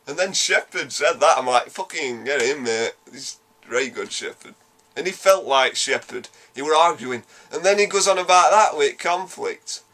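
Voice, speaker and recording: A man with a Yorkshire accent giving a casual spoken game review, animated, blunt and sweary, rambling quickly through his points. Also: a little high. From Yorkshire, England.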